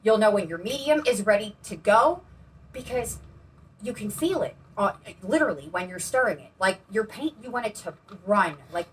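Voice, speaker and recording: A woman's voice: medium pitch, expressive, moderate pace. A woman co-hosting a painting channel, chatting in a bubbly, rambling way while she demonstrates paint pouring. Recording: distant mic with faint background noise.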